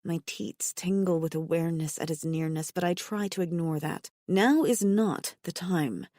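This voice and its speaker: Mellow-voiced woman narrating a romance. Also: lowish voice, normal speed, no echo, studio quality. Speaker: audiobook narrator. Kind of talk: first-person romance audiobook narration.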